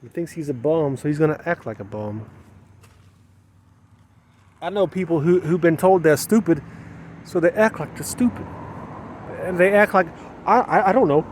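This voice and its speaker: A man's voice: fairly high pitch, normal speed, long pauses, a little mellow, a little hiss or hum. A man talking to his camera in a rambling, emotional way, repeating himself as he questions his own feelings, outdoors. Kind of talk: personal vlog monologue.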